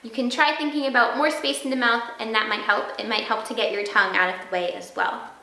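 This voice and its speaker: A woman flute teacher walks through the technique step by step, speaking clearly and sounding out practice syllables. Her voice sits a little high and comes across crisp and bright. She is recorded in a room with a noticeable echo. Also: steady tone, fast talker. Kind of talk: instructional video lesson.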